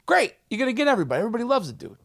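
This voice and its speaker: A man, a comedian guest on a podcast, telling a story with a profane, excitable manner and loud acted-out quotes. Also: very high-pitched, racing, vocal fry. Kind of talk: animated storytelling. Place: podcast studio.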